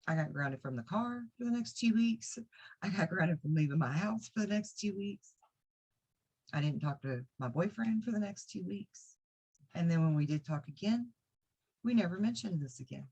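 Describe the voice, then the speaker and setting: A woman's voice: lowish voice, expressive, a little fast, a little mellow, slightly rough. Woman telling a story, dull lo-fi sound. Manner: earnest, rambling retelling with many fillers. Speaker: psychic reader and video diarist. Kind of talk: personal storytelling to camera.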